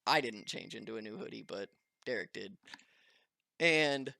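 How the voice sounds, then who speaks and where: A man telling a story to his viewers in a casual, animated, chatty way, often breaking into laughter. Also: lowish voice, normal speed, gravelly, dry recording. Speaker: vlogger.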